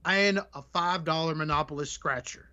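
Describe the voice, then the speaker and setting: A man's voice: on the high side, normal speed, pushed and bright, clear, resonant tone. A rowdy, boozy robot truck driver, as a man puts him on in a toy podcast, slurring his words and spoiling for a fight. The voice sits raised above his normal register and sounds dull and lo-fi. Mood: drunk rowdy. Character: drunk, crude male robot truck driver. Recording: dull lo-fi audio.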